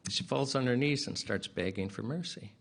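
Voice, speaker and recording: Before a public inquiry, a man relays a parable earnestly and simply, adding casual side remarks and pausing often to clear his throat. He speaks at a moderate pace with a medium, somewhat bright voice.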